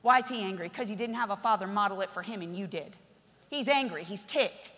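A woman pastor preaching a passionate sermon that swings between loud exhortation and quiet storytelling. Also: mid-range voice, fairly quick, in a large hall.

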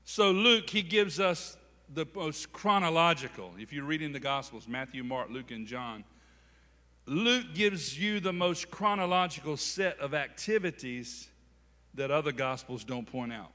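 A man's voice: a little high, expressive, a little slow, bright, forceful tone, big-room sound. A man preaching a sermon with call-and-response, speaking. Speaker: pastor.

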